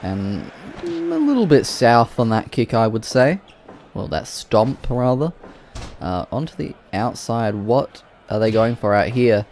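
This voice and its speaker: A man giving play-by-play commentary on wrestling matches, excitable and breaking into loud exclamations. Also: medium pitch, measured pace, creaky, a little hiss or hum.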